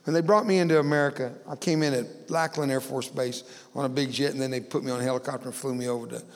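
A man's voice: medium pitch, steady tone, quick pace, big-room sound. A man telling a personal story as a guest speaker in a church, acting out voices with humorous asides. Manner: dramatic storyteller, acts out dialogue, humorous asides. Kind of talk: storytelling sermon.

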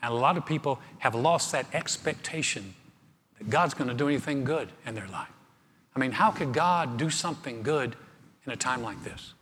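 A man's voice: medium pitch, lively intonation, moderate pace, a bit bright, a little hiss or hum. A man preaching a sermon, telling a story with humor and repeating his words as he goes. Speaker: pastor. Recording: long reverb of a large room.

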